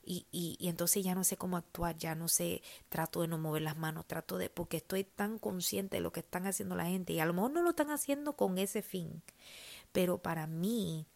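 A woman with a low, gravelly voice tells her faith testimony in a soft, confiding way. She moves between Spanish and English mid-sentence, and her voice often drops to a near whisper. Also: fast talker. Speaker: church member sharing her testimony.

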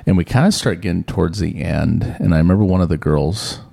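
A middle-aged man shares a personal story on a podcast, rambling and self-deprecating, livening up whenever he quotes someone. His voice sits very low and carries a gravelly fry throughout. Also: fairly quick. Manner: rambling, self-deprecating, animated when quoting others. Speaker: podcast co-host. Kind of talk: casual storytelling chat.

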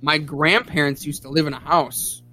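Man, podcast host, slightly high voice, casual storytelling, rambling, swearing, lots of fillers. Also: steady tone, normal speed, pushed and bright, soft background music. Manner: rambling, profane, many restarts and fillers.

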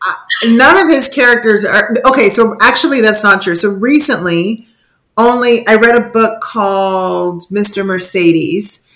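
A woman's voice: mid-range voice, measured pace, fairly bright tone, rough recording. A woman co-hosting a podcast in casual, emphatic chat, often slipping into mocking quoted asides. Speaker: podcast co-host.

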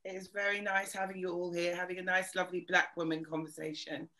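A woman hosting a podcast in casual chat, playful and animated, joking and putting on voices. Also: fairly low pitch, quick pace. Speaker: podcast host.

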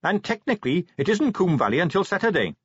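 A man's voice: high-pitched, big pitch swings, fast talker, breathy edge, no echo, dull audio, voice pushed up, full character voice. A man reading an audiobook, voicing an earnest, eager young male watch captain who sounds keen, dutiful and reassuring.

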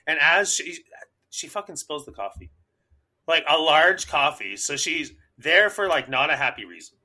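Bright-voiced ranting man. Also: on the high side, moderate pace. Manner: ranting, profane, animated. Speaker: podcast co-host. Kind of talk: casual chat.

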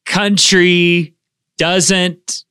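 Male podcast co-host, bright and forward tone, self-deprecating and quick to laugh, dry sound. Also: sits high, flat delivery, smooth, no echo. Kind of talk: casual chat.

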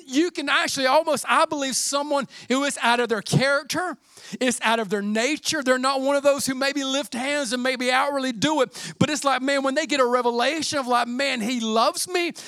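A middle-aged man preaching a sermon in a fervent, conversational way, often dropping to a hushed near-whisper. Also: extremely high pitch, no echo, studio quality. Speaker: pastor.

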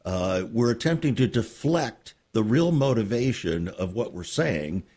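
Male radio host, raspy and lively in pitch, earnest and emphatic with his guest. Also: a little slow. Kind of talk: radio interview.

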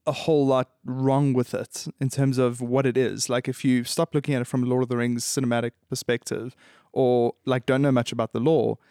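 A man's voice: medium pitch, level tone, fairly quick, warm tone, clean tone, dry recording. Enthusiastic man explaining films, dry sound. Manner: enthusiastic, detailed film-nerd explainer. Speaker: podcast co-host. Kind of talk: casual chat.

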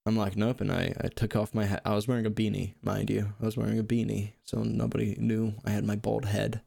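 A man's voice: on the low side, level tone, brisk, creaky, dark tone, breathy edge, no echo, studio quality. A young man telling rambling, self-mocking comic stories in casual talk, laughing at his own jokes. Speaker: storyteller. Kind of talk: casual comedic storytelling.

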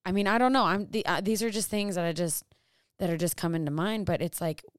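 Young woman preaching casually to her viewers, smooth clear voice, dry close sound, lots of questions. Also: fairly low pitch, brisk, dry recording. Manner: animated preaching, rhetorical questions, self-deprecating. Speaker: Christian vlogger and small business owner. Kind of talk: casual faith talk to camera.

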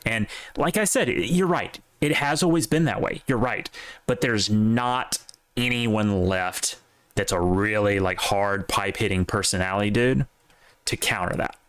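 A man with a fairly low voice co-hosts a late-night stream chat. He talks bluntly and swears freely, rambling and restarting his sentences. The mic is close and dry, with no room sound. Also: unhurried, a bit bright, clear, resonant tone, dry recording. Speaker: podcast co-host.

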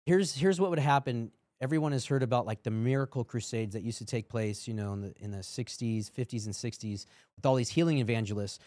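A man, a minister and father, talks as a podcast guest in a mid-pitched voice recorded dry and close. He tells his stories earnestly, with a few ums and uhs as he works through them. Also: fairly quick, darkish tone, no room sound. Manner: earnest storytelling with fillers. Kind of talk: casual Christian podcast talk.

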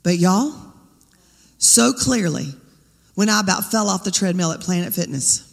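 A woman's voice: fairly low pitch, lively intonation, moderate pace, gravelly, long reverb tail. A woman preaching a sermon, talking conversationally and firing rhetorical questions at the congregation. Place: church sanctuary.

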